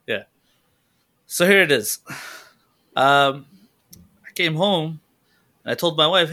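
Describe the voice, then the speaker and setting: A man's voice: a little high, lively intonation, takes it slowly, long pauses, pushed and bright. A man hosting a casual podcast chat, joking and laughing at his own puns. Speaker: podcast host.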